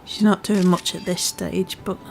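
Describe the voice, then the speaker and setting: A woman's voice: fairly low pitch, level tone, moderate pace, vocal fry, slight background noise. A woman with a part Scouse, part Welsh accent, casually commentating a game she is playing, chatty and self-deprecating. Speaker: gaming channel host. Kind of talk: casual let's-play commentary.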